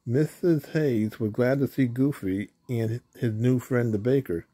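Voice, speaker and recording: A man reading a children's storybook aloud, steady with small slips. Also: medium pitch, measured pace, breathy edge. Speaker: storybook reader.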